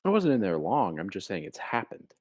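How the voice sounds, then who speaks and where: A young man with a low, deep voice chats casually as a comedy podcast co-host. He spins long, playful, rambling stories. The sound is dry and close, with no room echo. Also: huge pitch swings, brisk.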